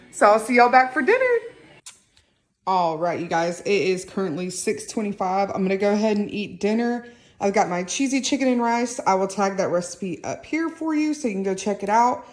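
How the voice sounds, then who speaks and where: A young woman, chatting and rambling casually to her phone camera at home as a mother and vlogger. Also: medium pitch. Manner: chatty, rambling, warm toward viewers. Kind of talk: casual vlog chat to camera. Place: at home indoors. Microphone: handheld phone camera.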